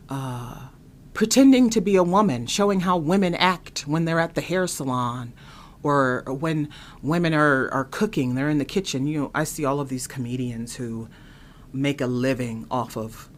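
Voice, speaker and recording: A woman hosting her own show, giving opinionated commentary in an exasperated, animated way, full of rhetorical questions. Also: deep voice, slight background noise. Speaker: host.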